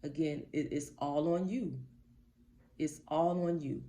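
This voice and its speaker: A woman's voice: sits low, steady tone, measured pace, warm tone. Blunt, emphatic woman life coach. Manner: emphatic, blunt, repeats her points for stress; casual, slangy, addresses viewers directly. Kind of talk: motivational talk to camera.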